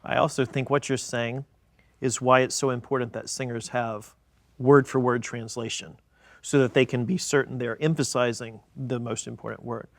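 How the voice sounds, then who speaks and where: A man moderating a studio roundtable, calm and attentive as he passes questions to the panel. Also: medium pitch, moderate pace, vocal fry, no echo. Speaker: moderator, researcher. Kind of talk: roundtable discussion. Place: video studio.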